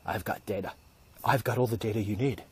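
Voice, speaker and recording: A man's voice: fairly low pitch, brisk, husky, pitched below the performer's own voice. A man impersonating a fawning, overly obliging male tech boss in a comic bit. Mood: gushing.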